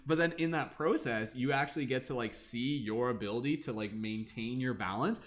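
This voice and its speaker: A man's voice: medium pitch, moderate pace. Rambling man giving a spiritual talk. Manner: rambling, full of fillers, acts out voices. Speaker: spiritual tarot reader. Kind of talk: casual livestream talk.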